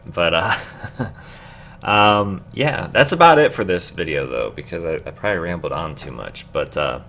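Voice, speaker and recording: Man, Midwestern accent, very low voice, rambling casual chat, faint noise behind. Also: animated, moderate pace, pushed and bright. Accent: Midwestern American. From American Midwest. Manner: rambling and easygoing, with many fillers. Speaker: YouTuber.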